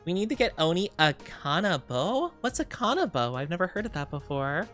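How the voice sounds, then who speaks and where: A man's voice: high voice, sing-song, fairly quick, fairly bright tone, soft background music. A young man streaming, chatting casually in a bubbly, rambling way, reading chat aloud and giggling often.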